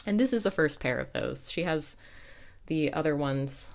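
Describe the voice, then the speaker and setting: A woman's voice: deep voice, expressive, normal speed. A young adult woman hosting a knitting podcast, chatting casually and wandering off into side stories before correcting herself. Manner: chatty, digressive, self-correcting. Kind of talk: casual chat.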